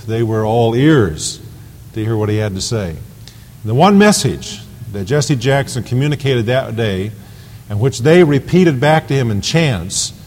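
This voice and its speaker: A pastor delivers an evening sermon to his congregation. His voice is a man's, of middle pitch, and it rises into loud emphatic swells on key phrases. The sound rings out with the long reverb of a church sanctuary.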